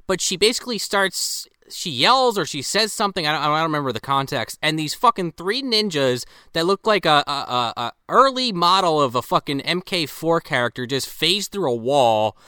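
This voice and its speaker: A man co-hosting a casual movie-recap chat, retelling plot with halting restarts and swearing. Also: a little high, very animated, sharp tone, clean tone, dry recording, clean studio sound. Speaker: podcast co-host.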